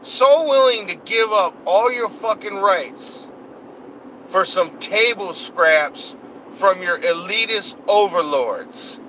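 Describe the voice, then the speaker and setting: A man's voice: high voice, lively intonation, slow, sharp tone, slight background noise, low-quality recording. A man delivering a heated, profanity-laced rant, cursing and repeating himself as he vents. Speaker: political vlogger.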